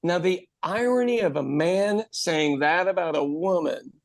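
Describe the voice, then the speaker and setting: Man, 50s, podcast co-host; animated storyteller, slightly high voice, dead-dry close mic. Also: unhurried, vocal fry, no echo. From Ireland. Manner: animated, acts out other people's lines, swears freely. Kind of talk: casual storytelling chat.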